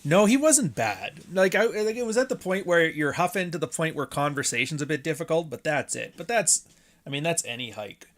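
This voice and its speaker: A man's voice: on the high side, expressive, a little fast, a bit bright. A man hosting his own podcast, chatting casually in a rambling, jokey way with frequent swearing. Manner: rambling, profane, jokey asides. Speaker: podcast host. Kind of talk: casual solo podcast chat.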